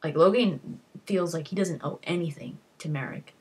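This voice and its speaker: A woman's voice: deep voice, moderate pace, husky. A woman casually summarizing a fantasy novel for her online review, rambling through the plot with lots of "like" and restarts. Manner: rambling retelling with frequent "like" and restarts. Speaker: book reviewer. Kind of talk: casual spoken book summary.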